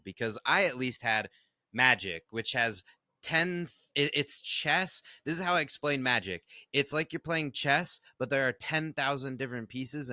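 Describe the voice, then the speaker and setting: A man co-hosting a podcast in casual chat, animated and laughing often. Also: mid-range voice, no echo, clean studio sound. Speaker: podcast co-host.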